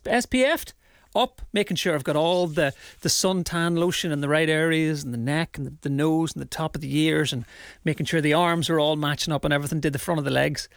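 Northern irish guy rambling on radio, pretty high voice, dry close mic, jokes at himself. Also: vocal fry, a bit bright, no echo. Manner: chatty, rambling, self-mocking. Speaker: radio presenter. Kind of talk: casual chat.

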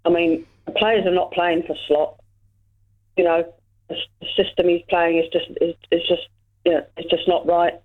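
A woman calls in to chat about football, hesitant and full of restarts. Her voice comes through a thin, tinny phone line that cuts the lows and highs. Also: flat delivery. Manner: halting, full of fillers and restarts.

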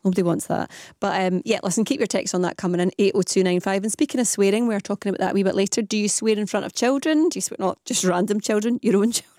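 A woman's voice: medium pitch, fast, few pauses, mellow, no echo, studio quality. A woman with a Scottish accent hosting a radio phone-in, chatty and casual, reading out listener messages. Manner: chatty, says um often.

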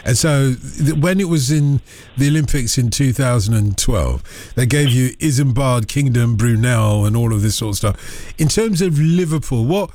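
Chatty male phone-in host, animated pitch, dry close sound, quick jokey asides. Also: no room sound. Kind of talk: casual radio phone-in chat.

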